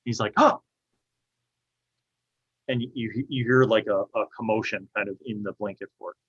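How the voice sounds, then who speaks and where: A man as game master, narrating a tabletop game in halting description with many fillers. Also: on the low side, fairly even intonation, breathy edge, lo-fi sound.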